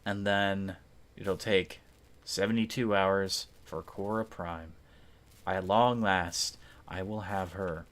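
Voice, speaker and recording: A man's voice: low voice, steady tone, takes it slowly. A man streaming a game live, commenting as he plays, swearing and ranting when things go wrong. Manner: swears and rants loudly when frustrated, then mutters.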